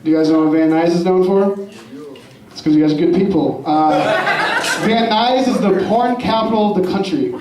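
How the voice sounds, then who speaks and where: A man's voice: high-pitched, normal speed, distant mic, a crowd in the background. A man doing a crude, rambling stand-up set in a comedy club, laughing at his own jokes. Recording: roomy club sound from afar. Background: audience laughter.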